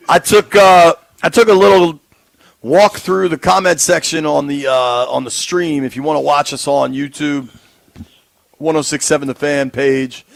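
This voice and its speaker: A man's voice: fairly high pitch, fairly even intonation, unhurried, vocal fry, dry recording. A man co-hosting a sports radio show, chatting casually with frequent ums and easy laughter. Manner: laughs easily, hesitant with fillers. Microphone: studio microphone.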